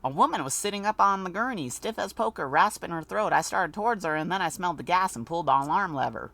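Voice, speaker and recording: A woman's voice: on the low side, animated, quick pace, gravelly, a bit bright, exaggerated voice. A woman voicing a pedantic male assistant. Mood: lecturing.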